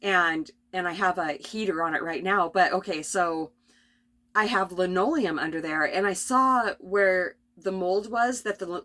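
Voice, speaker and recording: A middle-aged woman rambling through a spontaneous spiritual vlog from her RV, tired and coughing, with many restarts and soft laughs. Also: lowish voice. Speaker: vlogger. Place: at home in an RV.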